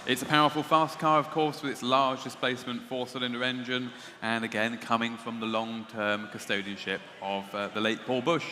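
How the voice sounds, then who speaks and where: A man's voice: medium pitch, level tone, moderate pace, few pauses, sharp tone. A man presenting lots at an auction, describing each one with frequent hesitant fillers. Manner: hesitant, many uh fillers between descriptive phrases. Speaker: lot presenter. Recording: long reverb, faint background noise.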